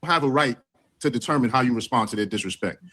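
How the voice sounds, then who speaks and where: A man on a panel, measured in his delivery as he presses the guest with probing questions. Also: mid-range voice, fairly bright tone. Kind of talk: heated panel discussion.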